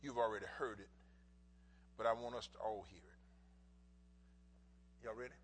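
A middle-aged male pastor preaching a sermon in folksy bursts, repeating words for emphasis and swinging from quiet asides to shouts. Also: fairly low pitch, measured pace, husky, rough recording.

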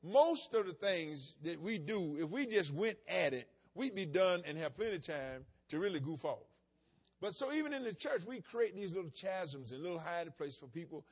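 A man's voice: sits high, big pitch swings, moderate pace, slightly rough. A male pastor preaching a sermon in a folksy, emphatic way, mixing plain storytelling with bursts of insistence.

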